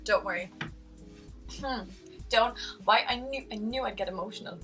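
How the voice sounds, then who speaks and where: A young woman vlogs in an earnest, rambling way, often restarting her sentences. Her voice is bright and sharp. She sits a little back from the mic, with faint music underneath. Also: on the high side, moderate pace, distant mic. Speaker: vlogger. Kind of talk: heartfelt casual vlog.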